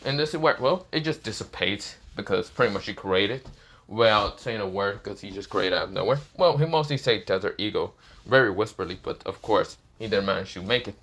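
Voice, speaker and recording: Male storyteller, lowish voice, rambling improvised narration with constant fillers. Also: animated, brisk, a bit bright. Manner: rambling, full of fillers and self-corrections. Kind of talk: improvised fan-fiction narration.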